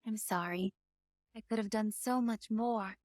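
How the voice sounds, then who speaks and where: A woman's voice: medium pitch, unhurried, a little mellow, no echo, studio quality, close to an everyday voice. A woman voicing an earnest, devoted female android girl in a game, speaking politely and formally. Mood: apologetic. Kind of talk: game voice acting.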